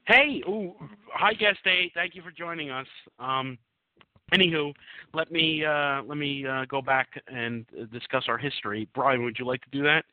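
A man's voice: mid-range voice, moderate pace, no echo. A man hosting a casual live call-in podcast, rambling and hesitant with many restarts. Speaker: podcast host. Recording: tinny phone-line call-in audio.

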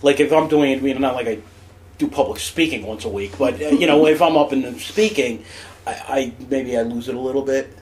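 A man's voice: medium pitch, fairly quick, a little mellow. A man with a New Jersey accent co-hosting a radio show, rambling through self-deprecating stories and laughing as he goes. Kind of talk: casual chat.

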